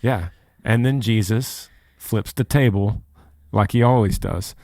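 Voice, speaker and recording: A man's voice: on the low side, unhurried, mellow, dry recording. Earnest man discussing scripture, dry sound. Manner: earnest, preacherly, acts out quotes. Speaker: podcast co-host. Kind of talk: casual Bible study chat.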